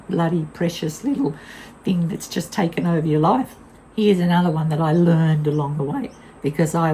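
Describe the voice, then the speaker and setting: Older woman, casual vlog storytelling, blunt, candid, very lively pitch. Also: slight background noise, rough recording. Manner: candid, blunt and animated, laughs often. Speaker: vlogger.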